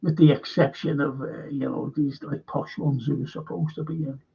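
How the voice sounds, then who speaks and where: Husky, gravelly man, slow. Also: medium pitch, fairly even intonation, mellow. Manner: rambling, swears freely, repeats himself. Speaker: film and TV review host. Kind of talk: casual livestream chat reading viewer comments. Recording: dull lo-fi stream audio.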